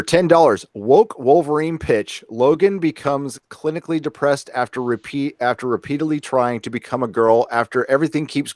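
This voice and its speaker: A man hosting a live stream, casually reading out donor names and their messages and tossing off quick comments. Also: medium pitch, no echo, clean studio sound. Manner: reads donor names and messages aloud, then comments offhand.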